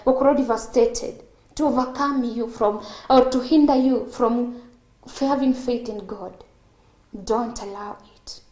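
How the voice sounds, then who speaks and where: A woman's voice: high-pitched, a little mellow, echoey room. A Kenyan woman hosting a Christian TV show, giving emphatic devotional teaching and switching languages often. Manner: code-switching, emphatic, laughs between points.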